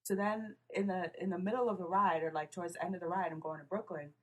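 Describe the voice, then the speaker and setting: A woman's voice: fairly low pitch, fairly even intonation, fast talker. A young woman, a podcast guest telling a casual story and acting out what people said. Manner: casual, swearing, quotes people with voices. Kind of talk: casual chat.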